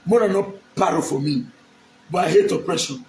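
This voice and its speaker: Pleading high-voiced Nigerian man. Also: a little fast, darkish tone, roomy sound, slight background noise. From Edo State, Nigeria. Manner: pleading and emphatic, repeats lines. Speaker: aspiring local politician. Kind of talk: direct-to-camera public appeal.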